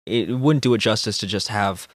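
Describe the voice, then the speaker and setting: A man hosting a casual podcast, explaining news stories in a measured way. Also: on the low side, no echo. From Canada. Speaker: podcast host.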